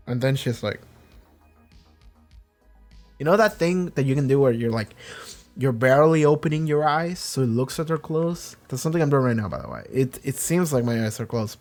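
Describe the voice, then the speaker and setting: A man hosting a reaction channel, rambling through casual commentary with many restarts and acting out quotes. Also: mid-range voice. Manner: acts out quoted characters.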